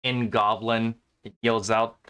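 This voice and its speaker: A man's voice: on the low side, level tone, slow pace, sharp tone, clear, resonant tone. A man running an online tabletop game as game master, explaining the rules patiently.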